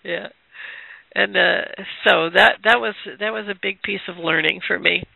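A woman's voice: mid-range voice, steady tone, moderate pace, creaky, sharp tone, dry recording. A woman hosting a podcast interview, telling a personal story and affirming her guest with frequent mm-hmms. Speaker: podcast host. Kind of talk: casual interview chat. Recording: tinny phone-like line, dry.

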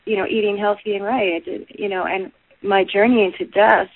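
A woman guest talks earnestly in an interview, circling her thoughts with constant "you know"s. Her voice sits at a middle pitch. The sound is dry and narrow, like a phone call. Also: steady tone, normal speed, dry recording. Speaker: guest, stage performer. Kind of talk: casual interview chat. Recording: tinny phone-like line, dry.

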